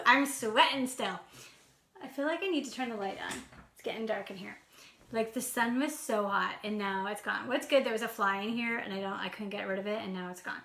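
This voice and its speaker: A bright, energetic woman talks fast and bubbly, with a voice that sits a little high. She runs a casual live stream as a sales coach and laughs easily between thoughts. Her voice rings in an echoey room at home.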